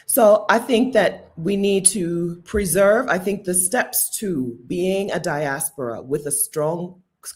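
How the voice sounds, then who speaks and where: A woman hosting a casual livestream, chatty and playful, laughing often and answering viewer comments. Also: deep voice. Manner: chatty with many asides and restarts. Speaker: livestream host.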